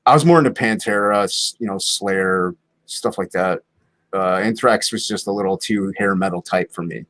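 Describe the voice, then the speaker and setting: Easygoing low-voiced man from Ohio. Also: normal speed, a bit bright. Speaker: stream guest. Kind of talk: casual call-in chat.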